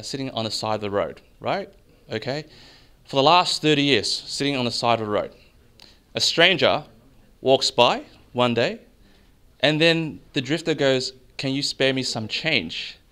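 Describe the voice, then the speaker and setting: A man giving an energetic, salesy seminar talk, asking the crowd questions. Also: mid-range voice, clean tone. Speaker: mortgage broker giving an expo talk. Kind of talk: live seminar presentation to an audience.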